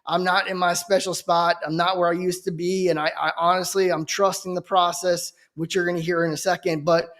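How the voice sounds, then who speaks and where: A man's voice: high-pitched, level tone, a little fast, few pauses, fairly bright tone. A young man giving an earnest, fervent Christian testimony as a preacher, often checking in with "okay?". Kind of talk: emotional personal testimony.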